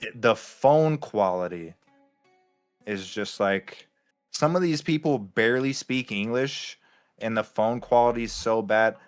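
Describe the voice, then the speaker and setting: A man's voice: lowish voice, measured pace, clean tone. A man in casual conversation, loose and profane, joking along with his friend. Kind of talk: casual chat. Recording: faint music behind.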